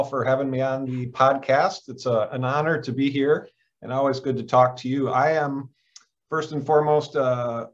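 A middle-aged man from Michigan, a leadership coach speaking as a podcast guest, earnest and upbeat, with many fillers and restarts. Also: medium pitch. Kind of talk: casual interview chat. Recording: dull lo-fi sound.

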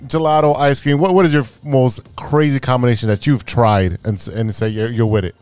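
A chatty, teasing man co-hosting a casual talk show. His voice is smooth and clear, with soft music behind him. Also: medium pitch, brisk. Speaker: co-host. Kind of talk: casual chat.

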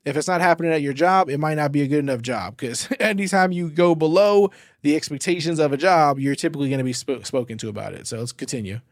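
A man's voice: fairly high pitch, fast, no echo, studio quality. A man hosting a sports show, giving casual commentary in a rambling way with lots of fillers and emphatic bursts.

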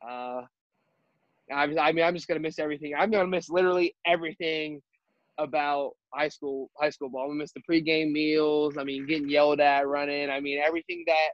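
A young man talking in a casual interview as a high school football player, halting and full of restarts. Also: fairly even intonation, dry recording, highs cut off. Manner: halting, with many restarts and fillers.

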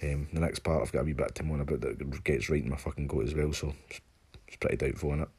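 A man's voice: extremely low pitch, fairly even intonation, fast, a little mellow, slightly rough. A Scottish man ranting in a casual monologue, sweary and sarcastic, mocking people with put-on voices.

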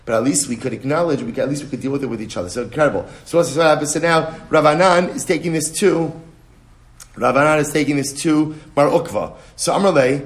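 A man teaching a text study lesson in an animated way, full of rhetorical questions. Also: a little high, fast talker. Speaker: Talmud teacher. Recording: roomy echo.

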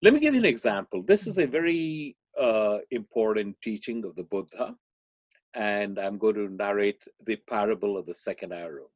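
A man as a podcast guest, explaining ideas and telling a parable in a measured way. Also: fairly low pitch, expressive, no room sound. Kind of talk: podcast interview, storytelling.

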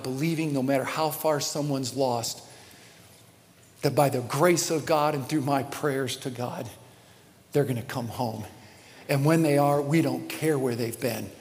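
Man, pastor, preaching, animated, hushed-to-loud swings, reverberant hall. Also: mid-range voice. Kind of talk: sermon. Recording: long reverb of a large hall.

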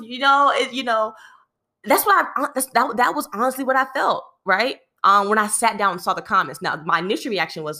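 A woman telling a work story in casual vlog fashion, animated, speaking to her listeners as "y'all" with lots of "you know" and repeated phrases. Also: medium pitch, a little fast. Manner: frequent fillers and repeated phrases.

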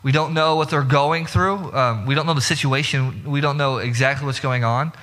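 A pastor with a mid-range, steady, fairly bright voice preaches a sermon at normal speed. He is earnest, often repeating words and restarting sentences, and a long hall reverb hangs on the recording.

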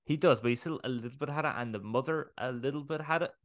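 A man co-hosting a podcast, chatting casually, animated, swearing freely and laughing often. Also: mid-range voice, fast talker, no room sound, clean studio sound. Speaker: podcast co-host. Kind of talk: casual chat.

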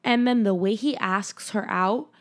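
A woman's voice: medium pitch, a little slow. A woman co-hosting a casual movie review podcast, retelling scenes with playful quoted voices and some swearing. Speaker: podcast co-host.

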